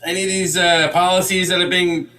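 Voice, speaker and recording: A man's voice: high-pitched, flat delivery, fairly quick, noisy background. A man hosting a round table, rambling and hesitant with many fillers. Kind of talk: casual chat and joke telling.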